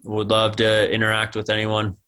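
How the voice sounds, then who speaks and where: A man's voice: on the low side, completely flat delivery, normal speed, bright, forceful tone, clear, resonant tone. An American man in his thirties, a guest athlete giving thoughtful answers in a casual podcast interview. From United States.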